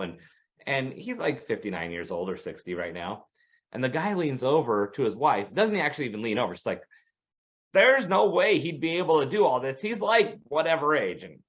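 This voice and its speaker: A man tells a story on a casual podcast, with lots of rise and fall in his voice as he slips into the voices of the people he quotes. The recording sounds a bit dull and lo-fi. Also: mid-range voice. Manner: animated, acts out quoted voices. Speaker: podcast co-host.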